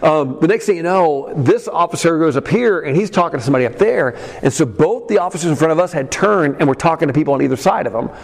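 A man preaching a sermon as a pastor, telling a personal story with many fillers and some shouted peaks. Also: fairly high pitch, lively intonation, fast talker, vocal fry, hardly any pauses. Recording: long hall reverb.

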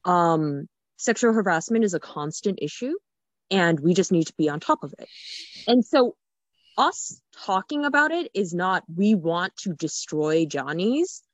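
A woman co-hosting a casual chat, frank and animated, with many "like" fillers. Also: medium pitch, normal speed, no echo. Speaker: podcast co-host.

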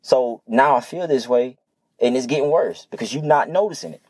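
A man's voice: mid-range voice, brisk, a little mellow, slightly rough, dry recording. A young man speaking earnestly and casually to listeners about communication, repeating his points in plain conversational slang. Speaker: motivational speaker. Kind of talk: unscripted motivational monologue.

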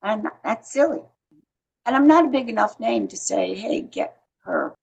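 Gravelly-voiced woman in her eighties. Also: fairly high pitch, expressive, moderate pace, darkish tone, dull audio, slight background noise. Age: 80s. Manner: chatty storyteller, frequent restarts. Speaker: veteran actress, guest. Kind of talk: casual interview chat.

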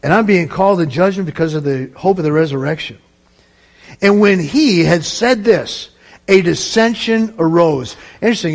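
Guy preaching a sermon, pretty high voice that jumps all over, acts out the quotes. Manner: animated, acts out quoted voices, laughs with congregation. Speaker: pastor.

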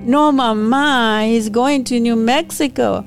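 A woman's voice: on the low side, measured pace, a little mellow, soft background music. A woman reading a novel aloud and voicing a heartbroken young woman who pleads through tears. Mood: distraught.

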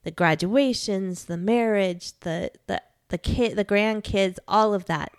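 A woman's voice: fairly low pitch, no room sound, studio quality. A woman in her forties, a widowed mother, giving a candid, earnest faith talk with rueful laughs. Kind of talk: personal testimony talk.

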